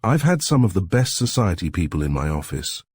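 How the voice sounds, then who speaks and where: A man voicing a pushy, ingratiating middle-aged crook who talks loud and emphatic. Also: low voice, big pitch swings, brisk, breathy edge, no room sound, clean studio sound, exaggerated voice. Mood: wheedling.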